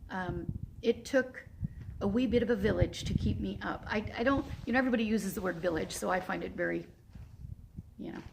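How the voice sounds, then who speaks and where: A woman's voice: medium pitch, brisk, vocal fry, noisy background. A woman in her fifties giving a casual, emotional video update, rambling and laughing often. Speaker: horse sanctuary founder. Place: Walnut Creek area.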